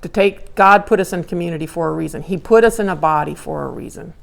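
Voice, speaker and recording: A woman giving a conversational Bible lecture, animated and acting out characters' inner dialogue. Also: lowish voice, quick pace, gravelly. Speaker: Bible teacher.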